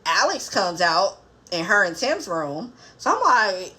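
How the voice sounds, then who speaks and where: A young adult woman giving a sassy, animated casual recap of a reality dating show, laughing and quoting the cast in asides. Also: mid-range voice, measured pace. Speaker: reality TV reviewer.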